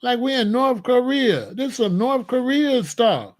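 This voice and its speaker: Casting: male commentary host, high voice, heated repetitive rant style. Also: lively intonation, measured pace. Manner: emphatic, repetitive, incredulous rhetorical questions. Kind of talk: solo political commentary rant.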